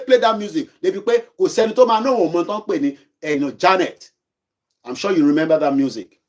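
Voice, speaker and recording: A man's voice: a little high, a little mellow. A Nigerian man with a Yoruba accent hosting a livestream, mixing English and Yoruba as he urges listeners to act. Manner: switches between English and Yoruba, exhorting. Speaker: online activist show host. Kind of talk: livestream commentary. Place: kitchen at home.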